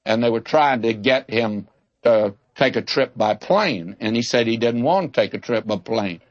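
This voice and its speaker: A man's voice: medium pitch, lively intonation, normal speed, no echo, highs cut off. An older man giving a folksy, conversational Bible teaching, drawing out key words for emphasis and telling humorous anecdotes.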